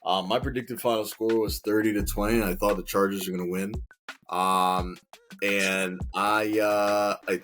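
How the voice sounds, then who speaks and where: A man's voice: lowish voice, steady tone, normal speed, fairly bright tone, faint music behind. A man co-hosting a football podcast, giving a wry casual recap with scores and stats. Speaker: podcast co-host.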